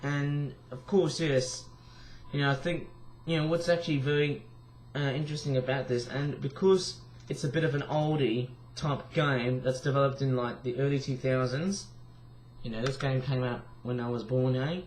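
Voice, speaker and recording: A tired young man with a croaky voice, rambling casually through a vlog with lots of fillers and restarts. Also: mid-range voice, steady tone, moderate pace, a little hiss or hum. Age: young adult. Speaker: vlogger.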